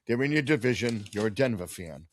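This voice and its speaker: A man co-hosting a sports podcast, telling travel stories in an animated, profane way and laughing often. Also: medium pitch, brisk. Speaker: podcast co-host. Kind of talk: casual sports chat.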